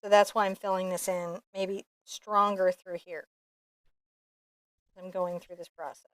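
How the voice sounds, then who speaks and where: A middle-aged woman chatting in an opinionated, animated way while teaching a painting lesson. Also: lowish voice, unhurried, dry recording. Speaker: painting instructor. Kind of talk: casual painting lesson chat.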